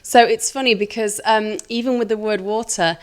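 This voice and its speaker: A woman's voice: mid-range voice, fairly even intonation, normal speed, clean tone. A woman with a Yorkshire accent hosting a casual chat, asking friendly, playful questions. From Yorkshire, England. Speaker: interview host.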